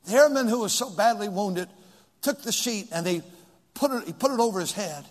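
An older man preaching a sermon, moving between hushed storytelling and shouted pleading questions. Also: high-pitched, animated, fairly quick. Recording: long hall reverb.

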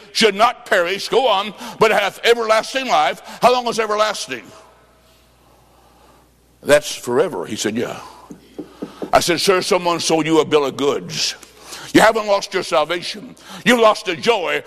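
A man preaching a sermon, telling a story with sudden shouts and sing-song phrases. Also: high voice, animated, moderate pace. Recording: long reverb of a large hall.

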